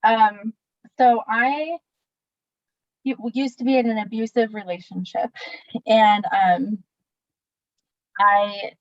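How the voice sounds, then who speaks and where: A woman's voice: on the high side, fairly even intonation, slow pace, long pauses, dry recording. A young woman, a guest, talking candidly with lots of fillers and laughs over a video call. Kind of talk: casual interview chat. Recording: dull dry video call audio.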